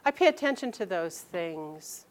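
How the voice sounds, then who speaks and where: Woman, storyteller, personal anecdote, animated, acts out quoted people, halting restarts. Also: on the low side.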